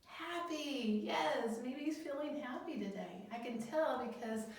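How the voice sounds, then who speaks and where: Slow, gentle woman in a very echoey room. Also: sits high, animated. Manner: slow, gentle, questions the children and leaves pauses for answers. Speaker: elementary school guidance counselor. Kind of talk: video lesson for young children. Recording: very echoey room, voice from a distance, faint noise.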